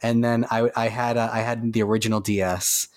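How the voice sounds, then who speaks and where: A young man co-hosting a podcast in casual chat, rambling and excitable, swearing casually. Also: medium pitch, brisk. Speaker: podcast co-host.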